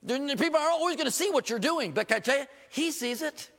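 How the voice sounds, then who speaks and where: A male pastor, preaching an animated sermon full of rhetorical questions and self-deprecating humor. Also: very high-pitched, fast talker, gravelly. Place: church sanctuary. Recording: long reverb of a church hall.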